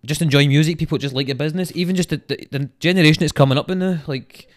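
A man's voice: a little high, racing. A young Glaswegian man, a rapper guest, talking casually and animatedly with lots of swearing. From Scotland. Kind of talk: casual chat.

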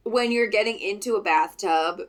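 A woman's voice: mid-range voice, normal speed. A woman co-hosting a podcast over a video call, chatting in a rambling, candid way and laughing often. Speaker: podcast co-host. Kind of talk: casual chat.

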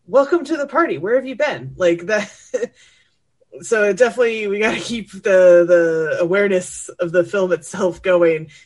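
A woman co-hosting a casual chat show, talking in a rambling, chatty way and laughing often. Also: fairly low pitch. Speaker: co-host.

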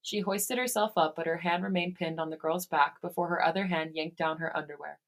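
A woman podcast host reading fan fiction aloud, steady in her reading and given to breaking into laughter. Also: on the low side, fairly quick.

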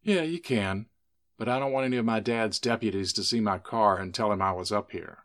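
A man's voice: lowish voice, a little fast, fairly bright tone, close to an everyday voice. A man playing a cocky young small-town tough. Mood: brusque. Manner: swaggering, teasing. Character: cocky young man, sheriff's son, brash.

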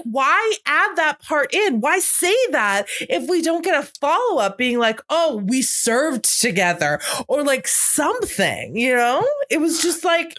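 A woman in her thirties co-hosting a casual movie podcast, lively, laughing often and swearing casually. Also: high voice. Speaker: podcast co-host.

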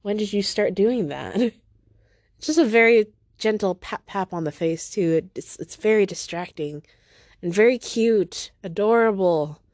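A woman's voice: medium pitch, lively intonation, a little slow, darkish tone, no room sound, clean studio sound. A woman hosting her own podcast in a casual, rambling solo monologue from home, teary after crying, self-deprecating and stopping to talk to her cat. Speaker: podcast host.

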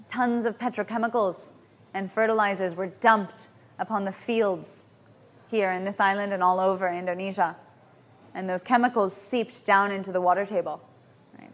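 Female lecturer, mid-range voice, conversational teaching style, peppers points with "right?" and "yeah?". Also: mid-range voice. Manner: checks in with listeners with frequent tag questions. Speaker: natural hygienist giving a lecture. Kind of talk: lecture to a live audience. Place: lecture venue in Bali.

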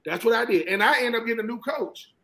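A man from Georgia with a Southern American accent, a former college football player talking football as a guest in an animated, emphatic way and often repeating himself. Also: very high-pitched, quick pace, gravelly, low-quality recording. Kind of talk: casual sports talk.

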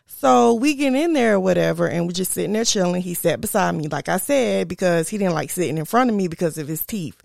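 A young woman hosting a podcast, telling a personal story in a chatty, animated way and talking straight to her listeners. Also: on the low side, creaky, no room sound, clean studio sound. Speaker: podcast host. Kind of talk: casual storytelling.

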